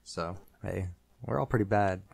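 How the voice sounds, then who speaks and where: A man's voice: sits low, moderate pace, vocal fry, darkish tone. A man hosting a casual podcast, asking questions and reacting with teasing jokes. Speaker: podcast host.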